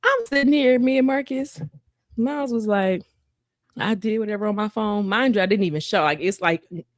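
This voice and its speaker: A woman co-hosting a faith podcast, telling family stories in a casual, animated way and acting out the quotes. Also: medium pitch, normal speed, no echo, clean studio sound. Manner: animated storytelling, acts out quotes. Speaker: podcast co-host. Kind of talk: casual chat.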